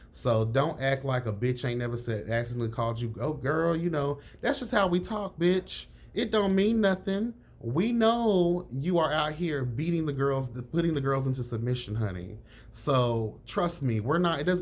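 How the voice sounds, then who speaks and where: Reviewing a reality show in casual chat, a man is sassy and frank, calling everyone honey and girl. His pitch jumps up lively whenever he emphasizes something.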